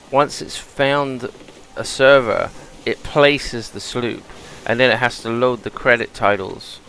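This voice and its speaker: A man's voice: mid-range voice, creaky, a bit bright, a little hiss or hum, poor audio. A British man giving chatty gameplay commentary, explaining game mechanics as he plays. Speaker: gameplay streamer.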